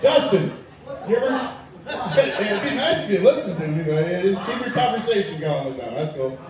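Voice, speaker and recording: A man doing loud profane stand-up, echoey and distant. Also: high-pitched, big pitch swings, a little fast. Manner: profane, loud storytelling, crowd work. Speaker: stand-up comedian. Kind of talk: stand-up comedy set. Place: tavern stage. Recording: echoey room from far off.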